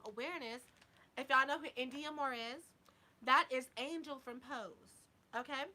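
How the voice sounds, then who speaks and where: A woman's voice: a little high, sharp tone. A woman vlogger talking casually to her viewers, sassy and blunt with heavy swearing, a little drunk. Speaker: YouTube vlogger. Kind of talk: casual live chat to viewers.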